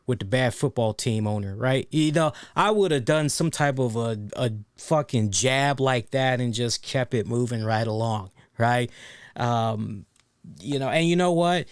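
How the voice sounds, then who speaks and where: Sarcastic, cussing wrestling-show host. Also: male voice, mid-range voice, clear, resonant tone, no echo. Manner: animated, sarcastic, profane, repeats phrases for emphasis. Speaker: podcast host. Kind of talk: casual wrestling review rant.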